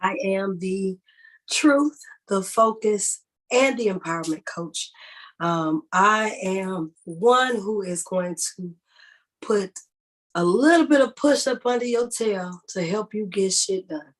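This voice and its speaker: A woman from Dallas, Texas, an empowerment coach speaking as a guest on a live stream, energetic and casual. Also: mid-range voice, slow, poor audio. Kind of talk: livestream guest talk.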